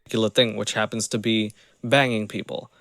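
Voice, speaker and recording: A man streaming a reaction video, commenting in a mocking, animated, casual way. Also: on the low side, fairly quick, dry recording, clean studio sound.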